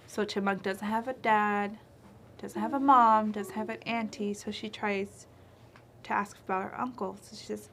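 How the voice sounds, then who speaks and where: Brief: woman storyteller, middle pitch, casual asides, traditional tale in a library. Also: moderate pace, slight background noise. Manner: relaxed, chatty telling with asides.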